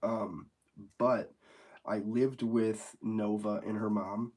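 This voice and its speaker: A young man with a slightly low, congested voice chats with viewers on a casual livestream. He rambles in a laid-back way and swears freely. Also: fairly even intonation, takes it slowly, darkish tone. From United States. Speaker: livestream host.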